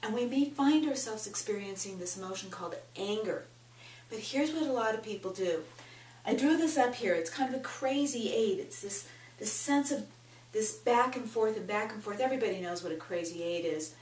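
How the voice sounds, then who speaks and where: A woman's voice: mid-range voice, animated, normal speed, a little mellow, recorded from a distance. A woman teaching a self-help lesson, speaking directly to the listener and leading tapping phrases aloud. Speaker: tapping coach. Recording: echoey room, voice a bit off-mic, faint hum.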